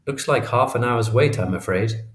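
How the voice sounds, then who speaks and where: A man's voice: medium pitch, normal speed, natural voice. A man voicing a courteous, unflappable male head waiter in an audiobook reading, in a roomy-sounding recording. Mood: polite. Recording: roomy echo.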